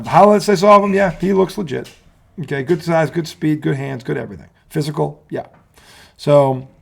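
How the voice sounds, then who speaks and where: A man's voice: on the high side, vocal fry, darkish tone. A man hosting a casual sports talk show, chatting loosely with profanity and jokes. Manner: loose, profane, joking banter.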